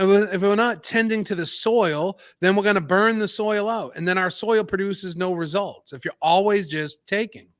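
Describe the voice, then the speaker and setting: A man's voice: sits high, a bit bright, no echo, studio quality. An American man co-hosting a podcast, talking in an earnest, emphatic, somewhat preachy way. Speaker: podcast co-host. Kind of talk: casual podcast talk.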